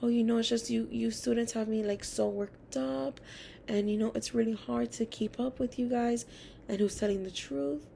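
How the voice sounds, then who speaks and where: A woman imitating a domineering male teacher who shouts accusations. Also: steady tone, normal speed, creaky, slight background noise. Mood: dismissive. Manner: shouting accusations, high and loud.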